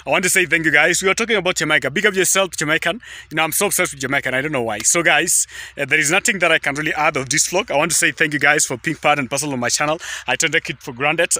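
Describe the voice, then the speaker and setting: A young man with an East African accent talks to his viewers in a loose, chatty way, filming himself outdoors by a highway. His voice sounds very bright and sits a little high, and he keeps circling back to "guys" and "just". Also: fast talker, no room sound. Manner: chatty, repetitive, often says "guys" and "just". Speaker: vlogger. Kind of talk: casual rambling vlog talk. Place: outdoors beside a highway at sunset.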